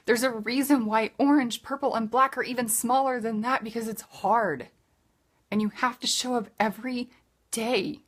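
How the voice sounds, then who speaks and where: In a live video, a woman who leads a direct-sales team gives an earnest, emphatic pep talk, repeating herself a lot. Her voice is fairly high-pitched.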